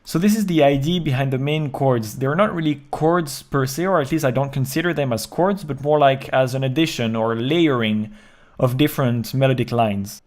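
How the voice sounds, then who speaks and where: A man explaining step by step how he produced a track in his home studio, in a calm, even way. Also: mid-range voice, moderate pace. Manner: calm step-by-step walkthrough, counting beats aloud. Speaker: music producer. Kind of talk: explaining a music production process.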